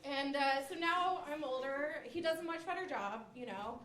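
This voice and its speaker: High-voiced woman doing stand-up in a club. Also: normal speed, a bit bright, slight background noise. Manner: chatty, self-deprecating storytelling with many fillers. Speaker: stand-up comedian. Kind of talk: stand-up comedy set. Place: comedy club stage. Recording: roomy club sound with audience laughter.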